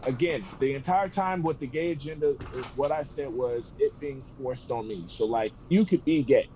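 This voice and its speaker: A man's voice: medium pitch, normal speed, warm tone, slight background noise, rough recording. A middle-aged man co-hosting a podcast, telling stories in a blunt, profane casual chat. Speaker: podcast co-host.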